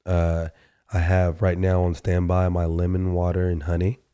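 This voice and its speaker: A man with a low, dark and slightly hoarse voice hosts a solo podcast. He talks casually and loosely, with plenty of fillers and restarts. His tone stays mellow and easygoing. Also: normal speed. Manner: relaxed, chatty, many fillers and restarts. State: hoarse, recovering from a sore throat. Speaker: podcast host.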